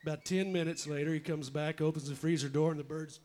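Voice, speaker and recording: A man's voice: a little high, steady tone, fast, a little mellow. A man on stage telling a long joke in a loose, conversational way, with casual swearing. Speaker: stand-up joke teller and musician.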